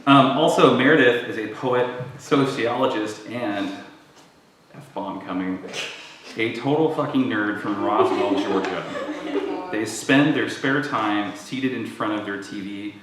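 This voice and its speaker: Deep-voiced man joking in an echoey hall. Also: a little slow, a crowd in the background. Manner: joking, chuckles often, many ums. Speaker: creative writing professor introducing a reader. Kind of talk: warm humorous introduction at a live reading. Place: event hall with audience. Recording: echoey hall recorded from far off.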